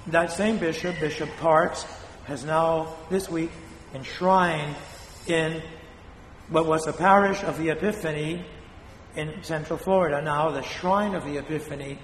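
An older man from Spain, a priest preaching a sermon in a blunt, scolding way with dramatic pauses, his voice still weak after a fall. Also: on the high side, a little hiss or hum. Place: church. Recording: echoey hall from a distance.

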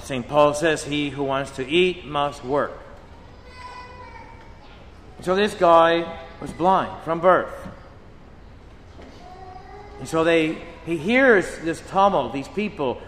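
A man preaching a sermon as a priest, slow and emphatic, acting out dramatic quotes. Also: a little high, a bit bright, slight background noise. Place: church shrine. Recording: long church reverb.

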